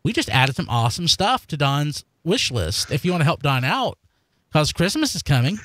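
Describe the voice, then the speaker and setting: A man's voice: a little high, normal speed. A man co-hosting a live-streamed fan podcast in casual chat, rambling and plugging links. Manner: animated, rambling, promotes links. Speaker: podcast co-host.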